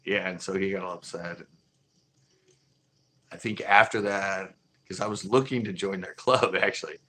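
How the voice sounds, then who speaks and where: A man's voice: low-pitched, fairly even intonation, normal speed, sharp tone, low-quality recording. Laid-back man telling fishing stories. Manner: laid-back, laughs often, acts out quoted arguments. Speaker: fishing channel host. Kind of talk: casual storytelling.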